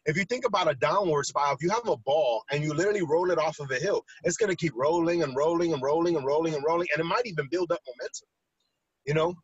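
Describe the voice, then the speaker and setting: A man casually telling a personal story on a talk show, animated and acting out the quoted lines. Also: on the high side, fast, dull audio. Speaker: podcast co-host.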